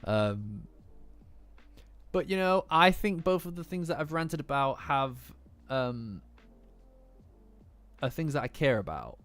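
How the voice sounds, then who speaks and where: Young male streamer, mid-pitched, tired and rambling, with lofi music low behind him. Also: very animated, takes it slowly, long pauses, fairly bright tone. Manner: rambling, apologetic, self-deprecating. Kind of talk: casual livestream chat. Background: faint lofi music.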